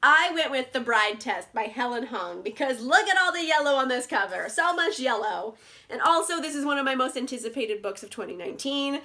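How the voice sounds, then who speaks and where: Young woman book vlogger: high, bright, bubbly, filler-heavy chat. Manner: bubbly, gushing, lots of "like" fillers. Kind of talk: casual chat.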